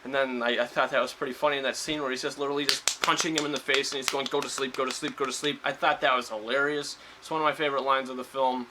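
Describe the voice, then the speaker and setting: A man's voice: mid-range voice, steady tone, quick pace, few pauses, noisy background. A man giving a casual spoiler review of a film, rambling with lots of fillers and restarts. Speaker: movie reviewer.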